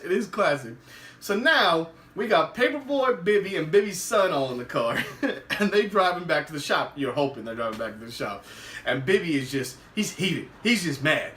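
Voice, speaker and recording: A man with a high, bright voice chats animatedly through a TV episode recap, chuckling as he goes. He sounds roomy and set back from the mic. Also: recorded from a distance, a little hiss or hum. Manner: animated, laughs often, acts out quotes. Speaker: podcast host.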